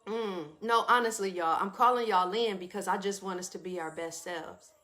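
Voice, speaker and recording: A woman hosts a wellness talk, speaking to her listeners in a familiar, preachy way. She laughs often as she talks. Her voice sits at a middle pitch. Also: normal speed, fairly bright tone, faint music behind. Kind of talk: live wellness talk to an audience.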